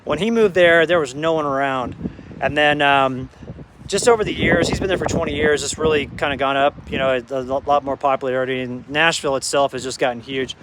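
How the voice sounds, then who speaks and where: A man's voice: on the high side, steady tone, brisk. A man hosting a casual live stream from his rural off-grid property, easygoing and greeting viewers by name as brother. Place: outdoors on windy rural property and inside a camper. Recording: windy outdoor phone audio with gusts. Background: wind noise.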